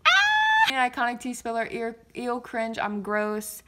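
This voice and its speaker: A young woman, vlogging an excited unboxing reaction, giddy and exaggerated, mumbling one moment and squealing the next. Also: on the high side, moderate pace, heavy background noise. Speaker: K-pop fan vlogger.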